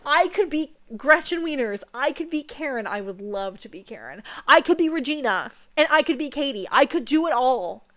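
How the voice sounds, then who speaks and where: A woman's voice: sits high, animated, normal speed, hardly any pauses, fairly bright tone. A young woman chatting playfully while seated, often checking in with "okay?". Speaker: vlogger. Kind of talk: casual chat.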